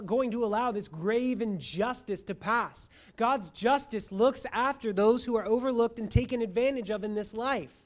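A preacher giving a sermon, moving between quiet asides and loud emphasis and asking the listeners rhetorical questions. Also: mid-range voice. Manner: addresses listeners as friends, asks rhetorical questions.

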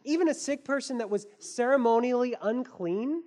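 A woman's voice: fairly high pitch, expressive, moderate pace, dark tone. A woman pastor giving a sermon in an earnest, conversational way, with casual fillers.

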